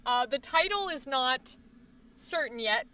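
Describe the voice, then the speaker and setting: A young woman chats on her live stream in a high, bright voice, rambling from one thought to the next. She swears freely and bursts out loudly now and then. Her voice comes from a little away from the microphone. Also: measured pace, recorded from a distance. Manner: rambling, profane, animated with sudden outbursts. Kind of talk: casual live-stream chat.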